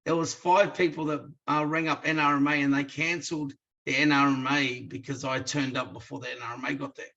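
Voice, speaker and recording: A man's voice: mid-range voice, fairly quick, dull audio. A man with an Australian accent, a guest telling stories in a chatty way and acting out the people he quotes. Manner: chatty, acts out quoted dialogue with lively voices. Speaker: interview guest. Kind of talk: casual storytelling.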